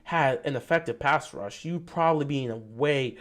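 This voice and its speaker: A man's voice: mid-range voice, normal speed, fairly bright tone. A man hosting a live-stream football talk show, greeting viewers and arguing his points animatedly.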